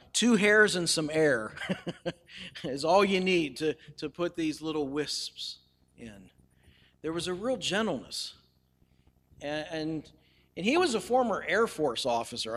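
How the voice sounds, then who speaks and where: Male pastor preaching, high bright voice, measured delivery with light humor. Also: in a large hall. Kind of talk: sermon.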